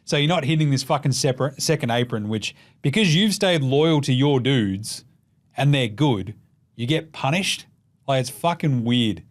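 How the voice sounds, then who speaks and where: A man's voice: medium pitch, normal speed. Profane, jokey Australian man. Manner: profane, jokey, animated with mocking put-on voices. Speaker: podcast host. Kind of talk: casual sports commentary.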